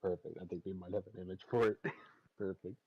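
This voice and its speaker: A man's voice: low voice, fairly even intonation, a little fast, slightly rough, highs cut off. A man streaming in casual chat, narrating what he is doing and laughing often between remarks.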